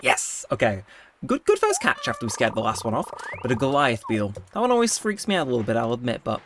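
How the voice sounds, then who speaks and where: A man giving chatty, rambling gameplay commentary, easily excited. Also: medium pitch, fast talker, slight background noise. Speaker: gaming video host.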